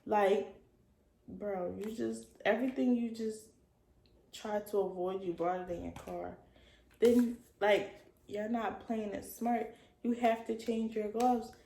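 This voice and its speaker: A young woman around twenty tells a casual storytime to her camera, her voice carrying a gravelly fry. She talks loosely, with plenty of "like," and sometimes trails off soft. The room sounds echoey, with a faint hum of ambience behind her. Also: mid-range voice, fairly even intonation, slow. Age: young adult. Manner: casual slangy talk with many likes, drifting soft at times. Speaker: vlogger.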